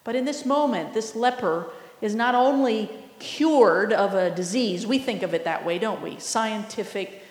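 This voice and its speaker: A woman preaching a sermon, earnest and teaching in manner. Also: mid-range voice. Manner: earnest, teaching, slow and deliberate. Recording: echoey hall, long reverb.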